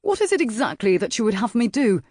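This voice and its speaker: A man's voice: sits high, very animated, fast talker, a little mellow, no echo, clean studio sound, voice pushed up. A man reading an audiobook and voicing a cold, proud nobleman who speaks in a clipped, snide way.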